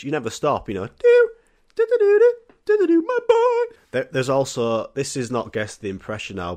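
A young man, hosting a solo comedy podcast in a rambling, jokey, sweary way. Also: medium pitch. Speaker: podcast host.

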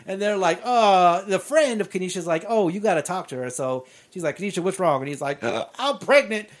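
A man co-hosting a podcast, casually recapping a movie and acting out characters' lines in loud voices. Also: high voice, fairly quick. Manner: animated, acts out lines in shouted voices. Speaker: podcast co-host.

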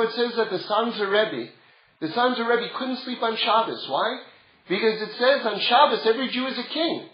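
A man teaching a Torah class in a conversational way, building up to emphatic passages. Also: very high voice. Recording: roomy, dull lo-fi sound.

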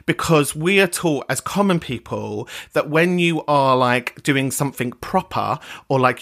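A podcast host with a London working-class accent, chatting casually and swinging between posh and common speech. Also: male voice, mid-range voice, fairly bright tone.

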